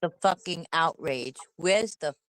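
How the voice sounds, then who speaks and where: A woman's voice: sits low, lively intonation, a little slow, fairly bright tone, no room sound, rough recording. A woman with a New York accent co-hosting a livestream, ranting angrily and swearing, with repeated rhetorical questions. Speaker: livestream co-host. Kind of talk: angry livestream rant.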